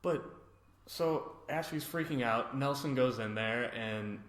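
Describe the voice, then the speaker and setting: A man's voice: mid-range voice, slow pace. A man co-hosting a podcast, casually recapping a reality show and acting out what the cast said. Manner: animated storytelling, acting out quotes. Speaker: podcast co-host. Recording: roomy echo.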